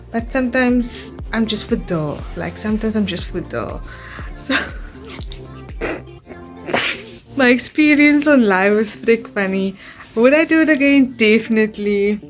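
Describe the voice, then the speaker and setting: A woman's voice: medium pitch, low-quality recording. A young South African woman in her twenties talking candidly to camera in a casual vlog, swearing and laughing often. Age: 20s. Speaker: vlogger. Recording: music playing underneath.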